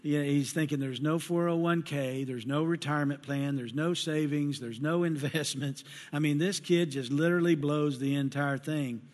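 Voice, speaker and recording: A middle-aged preacher with a slightly high voice tells homey stories from the pulpit and slips into the voices of the people in them. His voice carries a long reverb from a large hall. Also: fairly even intonation, normal speed, few pauses. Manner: folksy storyteller acting out voices. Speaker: pastor. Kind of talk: sermon with personal stories.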